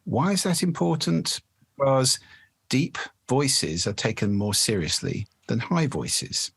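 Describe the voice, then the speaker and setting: A man's voice: mid-range voice, very animated, slow pace, gravelly, fairly bright tone, slightly rough, no room sound. A male speaking coach being interviewed on a podcast, explaining things in a demonstrative way and shifting his resonance to show how it changes the voice.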